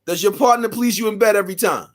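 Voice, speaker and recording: A man co-hosts a relaxed group chat in an easygoing, reflective way. His voice is a little high for a man. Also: fast talker. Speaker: co-host.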